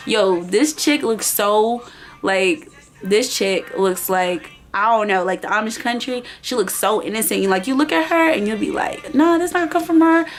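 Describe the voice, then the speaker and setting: A woman's voice: mid-range voice, a little slow, faint music behind. A young woman vlogger telling a storytime in casual, slangy chat, acting out the voices of everyone in it.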